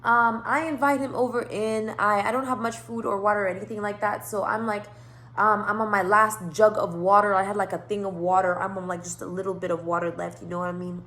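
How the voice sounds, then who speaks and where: A woman's voice: medium pitch, little pitch movement, a little fast, fairly bright tone. A woman hosting her tarot channel, telling a rambling storytime monologue with lots of swearing, laughter and asides.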